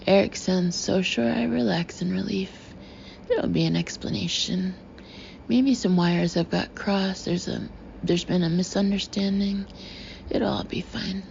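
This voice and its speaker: An audiobook narrator voices a first-person novel in a wry, chatty inner voice, her tone mellow and on the dark side. She speaks at medium pitch with a steady tone, measured pace, and creaky quality, in a slightly muffled recording with faint hiss.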